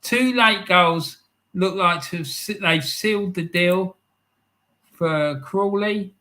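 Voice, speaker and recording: A male stream host chats through the afternoon's football results at an unhurried pace. His voice is bright and slightly higher than most men's. He reads viewer comments aloud with excitable asides. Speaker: live stream host reading football scores and chat. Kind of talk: casual live-stream chat.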